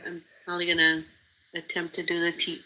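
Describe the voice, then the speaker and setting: A woman's voice: lowish voice, monotone, fairly quick, sharp tone, rough recording. A woman who joins a live stream as a guest and gives brief, polite replies in casual chat.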